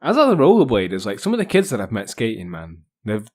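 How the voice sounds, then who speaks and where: A man's voice: lowish voice, huge pitch swings, fast, a little mellow. An English man hosting a podcast, chatting casually and rambling with many ums and restarts. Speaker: podcast host.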